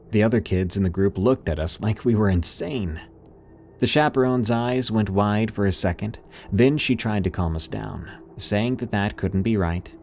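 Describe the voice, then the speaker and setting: A man with a low voice tells a scripted horror story with dramatic, suspenseful delivery. His pitch rises and falls freely as he narrates, and a faint hum of ambience sits under the voice. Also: darkish tone.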